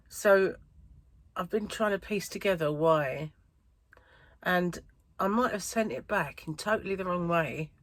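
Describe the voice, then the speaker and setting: Her voice is fairly low here, with no room sound, as the British crochet vlogger talks to viewers. A bit breathless, she wanders through the chat, laughing often and using many fillers.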